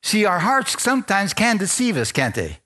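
A man's voice: high-pitched, huge pitch swings, normal speed, sharp tone. Conversational male pastor preaching a sermon. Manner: conversational preacher, asks congregation for amens.

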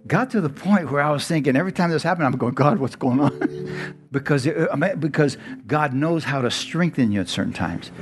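A middle-aged man preaches a sermon in a casual, conversational way. His voice keeps climbing higher and getting quicker when he gets excited, then settles back down. Guitar music plays clearly behind him the whole time. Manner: conversational preaching, often rising in pitch and speeding up when excited. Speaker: pastor.

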